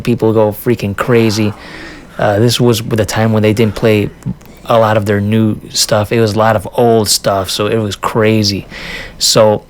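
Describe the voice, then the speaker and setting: A man vlogger telling a casual story in an animated way, often laughing and acting out what people said. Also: on the low side. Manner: restarts and fillers, says dude.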